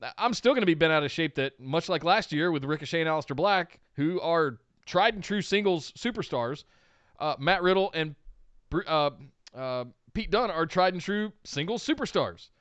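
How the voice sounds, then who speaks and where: Male co-host, slightly high voice, opinionated, on a muffled dry mic. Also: moderate pace, no echo. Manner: opinionated, gushes loudly when excited. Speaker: podcast co-host. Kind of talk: casual wrestling podcast chat. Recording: dull lo-fi podcast audio, dry.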